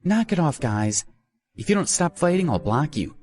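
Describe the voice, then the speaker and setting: A sweet, pouty young woman streamer coaxing her viewers, put on by a male narrator. The voice is lifted high above his natural depth and bounces around a lot. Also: sing-song, normal speed, darkish tone. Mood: annoyed.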